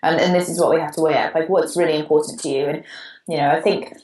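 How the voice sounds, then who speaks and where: A woman's voice: sits low, steady tone, fast talker, a little mellow, roomy sound, rough recording. A Welsh woman co-hosting a podcast, chatting casually and reading out a listener's question, with a digressive manner. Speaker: podcast co-host.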